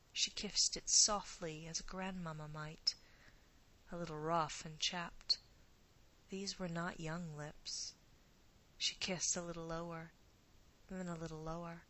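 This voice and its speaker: Slow, hushed woman storyteller. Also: lowish voice, rough recording. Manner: hushed, often half-whispered delivery. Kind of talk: scripted narration.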